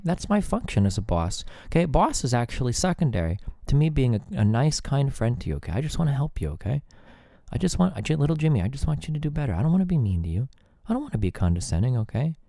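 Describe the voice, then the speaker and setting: A man voicing an overly soothing, patronizing male boss, talking in a slow, cooing, sing-song way. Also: medium pitch, gravelly, warm tone, no echo, clean studio sound.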